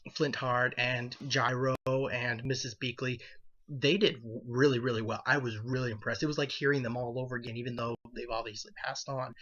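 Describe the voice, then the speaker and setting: A man talks through his opinions in a loose, rambling way, stopping to restart his sentences. His voice sounds bright and forward. The recording is dull and lo-fi. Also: mid-range voice. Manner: rambling, animated, self-correcting. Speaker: video commentator. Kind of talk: casual opinion commentary.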